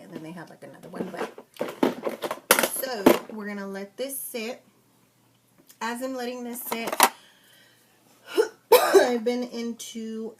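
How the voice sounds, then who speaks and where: A woman's voice: fairly high pitch, slight background noise. A young woman walking viewers through a makeup tutorial, chatty and casual, giving step-by-step directions with fillers. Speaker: makeup vlogger.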